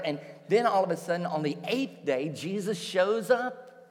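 A man preaching a sermon, telling a story with lively acted-out voices as a pastor. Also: high voice, unhurried, big-room sound. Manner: animated storytelling, acts out voices.

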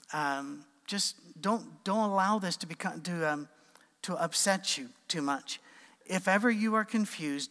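Brief: male preacher, informal sermon, slightly high voice, lively asides, long hall reverb. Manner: conversational, animated asides and acted quotes.

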